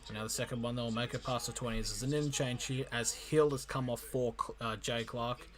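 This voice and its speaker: A man calling a rugby league match live for his stream, in an amateur play-by-play style that jumps in excitement and often stumbles and corrects himself. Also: medium pitch, brisk. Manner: excitable, frequent restarts and self-corrections.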